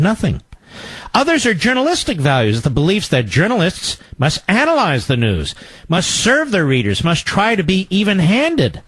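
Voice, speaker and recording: A man's voice: on the high side, slightly rough, no room sound, rough recording. A middle-aged man hosting a talk radio show, delivering a combative, sarcastic political commentary monologue.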